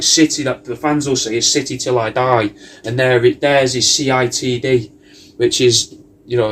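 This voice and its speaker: Brief: male comic, pitched a little high, rambling and sweary, spinning absurd tangents. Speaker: comedian recording a personalised video message.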